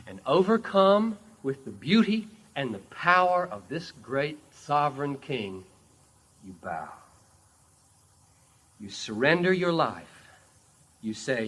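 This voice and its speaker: A man preaches in a slow, emphatic storytelling manner. His voice is bright and fairly high, rising and falling widely as he builds each image. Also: sing-song, husky. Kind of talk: sermon.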